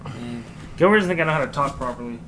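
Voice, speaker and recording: A man's voice: mid-range voice, animated, quick pace. A young man in casual chat with friends on a podcast, joking loosely, laughing often and swearing offhand. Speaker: podcast co-host.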